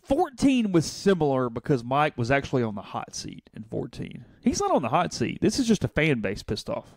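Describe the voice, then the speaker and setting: A man's voice: mid-range voice, wildly swooping pitch, moderate pace, vocal fry, no echo, clean studio sound. A man hosting a sports podcast in casual talk, telling a story with chuckles.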